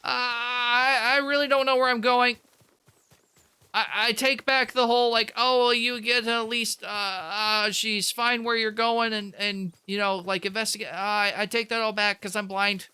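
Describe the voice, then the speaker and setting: A man's voice: very high-pitched, flat delivery, moderate pace, pushed and bright, smooth, voice pushed up, heavily acted. A man putting on the voice of a nervous, stammering teenage boy who keeps muttering jeez while he plays a game. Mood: flustered.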